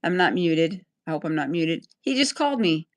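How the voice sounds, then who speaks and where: A woman's voice: lowish voice, expressive, moderate pace. A woman livestreaming an angry, rambling rant, full of profanity.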